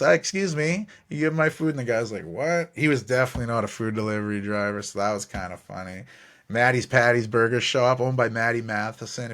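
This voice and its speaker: A man hosting a sports podcast, running through the week's news and then telling loose, profane stories from a trip. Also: mid-range voice. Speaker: podcast host. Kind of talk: casual sports podcast monologue.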